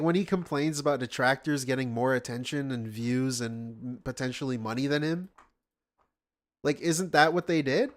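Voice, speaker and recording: A man reacting to stream clips with sarcastic, incredulous commentary and frequent swearing. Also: medium pitch. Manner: mocking, incredulous, swears often.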